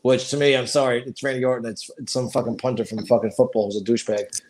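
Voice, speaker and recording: A man's voice: medium pitch, steady tone, quick pace, a crowd in the background. A middle-aged man in casual chat as a podcast co-host, profane and emphatic, stating strong opinions.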